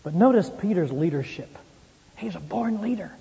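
A man preaching a sermon in an animated, folksy storytelling way, acting out quotes, recorded with dull lo-fi sound and long hall reverb. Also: sits high, normal speed, gravelly.

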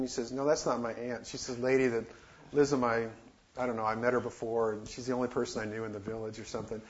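Male storyteller giving a casual testimony, halting with fillers, on a dull, slightly noisy recording. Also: medium pitch, flat delivery. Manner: halting, many fillers and restarts, laughs while telling. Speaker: missionary storyteller. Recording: dull lo-fi recording with faint noise.

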